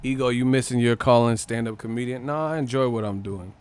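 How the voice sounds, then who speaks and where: A man's voice: medium pitch, fairly even intonation, brisk, clean tone. A man hosting a boxing live stream, joking and swearing casually and mimicking other people's voices.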